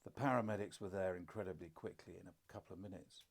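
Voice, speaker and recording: A man's voice: sits low, quick pace, husky. An older man, a podcast co-host and father, telling stories in casual conversation with dry, self-deprecating humour.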